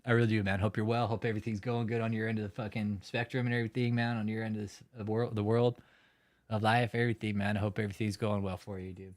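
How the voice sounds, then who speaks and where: A man's voice: fairly low pitch, flat delivery, quick pace. Profane, laughing livestream host man. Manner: profane, mocking, laughs often. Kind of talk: casual livestream chat reading viewer comments.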